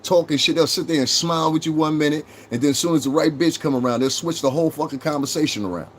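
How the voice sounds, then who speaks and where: A man's voice: a little high, fast talker, slight background noise. Combative, foul-mouthed middle-aged male streamer. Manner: confrontational, mocking, swears constantly. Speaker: livestream host. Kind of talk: profane live-stream rant answering chat.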